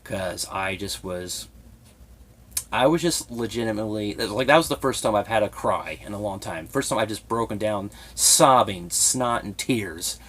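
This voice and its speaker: Timid young man, slightly low voice. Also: lively intonation, fairly bright tone, husky. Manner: hesitant, halting storytelling with many restarts; timid, emotionally raw. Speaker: vlogger. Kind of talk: personal confessional vlog.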